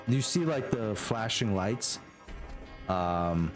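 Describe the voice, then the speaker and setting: Man, game master, slow and rambling narration, low voice, faint music behind. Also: lively intonation. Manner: unhurried, full of fillers and restarts.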